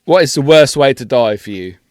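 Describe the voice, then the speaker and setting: A man's voice: mid-range voice, animated, fairly quick, a little mellow, no echo, studio quality. A man co-hosting a casual podcast who teases his friend with crude jokes and frequent laughter. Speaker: podcast co-host. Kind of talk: casual banter.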